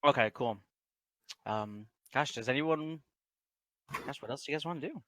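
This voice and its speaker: A man's voice: mid-range voice, normal speed, a bit bright, slight background noise. A man running a tabletop game as game master, narrating casually with lots of fillers.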